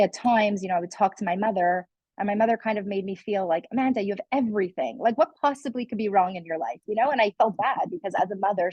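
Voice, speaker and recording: Woman, young adult, husky, low, dry close sound, candid personal testimony. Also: darkish tone, dry recording, rough recording. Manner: candid, earnest, frequent "like" and "you know". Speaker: guest speaker.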